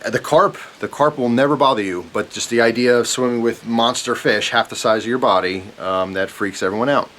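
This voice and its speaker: A young man telling a rambling, animated story to camera, often chuckling as he goes. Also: medium pitch, fairly quick, few pauses. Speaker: vlogger. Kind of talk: casual storytelling. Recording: faint hiss.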